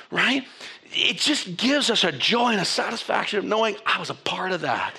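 A man preaching a sermon to his congregation, animated and conversational, with frequent restarts and asides. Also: high voice. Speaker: pastor.

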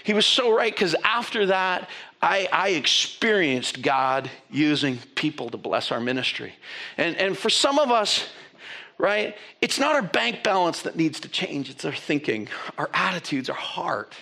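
A man preaching a sermon to his congregation, animated and conversational, with frequent restarts and asides. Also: fairly high pitch, a little slow, vocal fry. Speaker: pastor.

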